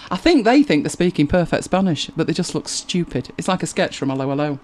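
A British woman with a deep, darkish, expressive voice co-hosts a relaxed live stream, talking fast. She rambles through forum posts and viewer comments, humming to herself and laughing as she goes.

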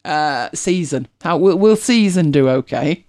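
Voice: mid-range voice, lively intonation, measured pace, a little mellow. A host with a British accent, chatting casually and rambling with many restarts. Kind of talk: casual chat.

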